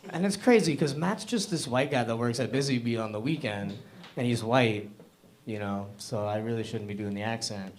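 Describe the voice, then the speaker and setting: A young man performs stand-up on a club stage, rambling and self-deprecating. He talks loosely, with plenty of fillers along the way. His voice sits at an average pitch. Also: moderate pace. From Hamilton, Canada. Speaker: open mic comedian. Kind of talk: stand-up set.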